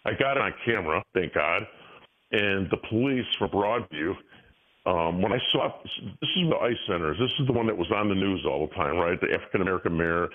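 Older man rambling over a phone line. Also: on the low side. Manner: rambling, many restarts, chuckles often. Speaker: guest. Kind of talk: casual interview talk.

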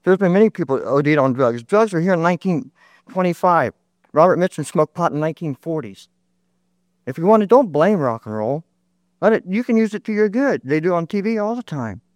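A man's voice: on the high side, big pitch swings, brisk, no room sound. A man in his thirties speaking up from the audience in a public debate, impassioned and argumentative, hammering his points again and again. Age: 30s. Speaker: audience member. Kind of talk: heated public debate comment.

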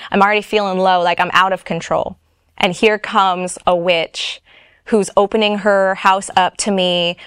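A woman's voice: mid-range voice, fairly bright tone, clear, resonant tone, no echo, clean studio sound. A woman casually and frankly telling a personal testimony, her speech full of "like" and "you know". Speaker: storyteller.

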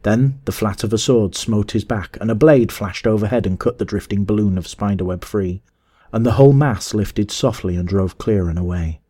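A man with a fairly low voice reads an old adventure tale aloud. He keeps an even, measured storytelling pace through the narration. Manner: measured, even storytelling that rises to shouts in dialogue. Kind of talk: audiobook reading of a classic story.

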